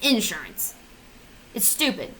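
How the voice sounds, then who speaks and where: A woman's voice: medium pitch, very animated, slow pace, pushed and bright, a little hiss or hum, rough recording. A woman in her twenties ranting sarcastically on her vlog, swearing and mocking herself. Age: 20s. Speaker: vlogger. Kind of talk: casual comedic rant.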